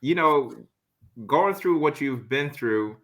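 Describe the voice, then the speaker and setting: A man's voice: fairly high pitch, lively intonation, takes it slowly. A man hosting a podcast interview, nudging his guest along with short responses and asking long, winding follow-up questions. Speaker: podcast host.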